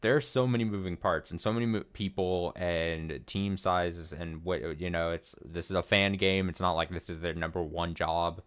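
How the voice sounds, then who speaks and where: A man's voice: sits low, fairly even intonation, normal speed, hardly any pauses, smooth. A man in his thirties giving rambling, profane let's play commentary full of fillers and restarts. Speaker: streamer.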